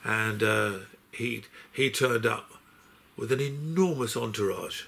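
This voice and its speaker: Older man, gravelly voice, rambling anecdotal chat, unboxing. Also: mid-range voice, slow pace, fairly bright tone. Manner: rambling storyteller, stops and restarts sentences. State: unwell. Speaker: musician presenting his box set.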